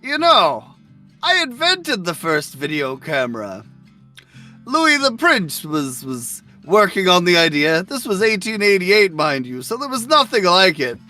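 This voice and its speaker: A man voices a pompous old vampire who rambles grandly about his own inventions. His voice is high and very bright, and it leaps all over the place. Behind him runs a faint guitar track. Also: wildly swooping pitch, measured pace, exaggerated voice. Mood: grandiose. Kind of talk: tabletop role-play in character.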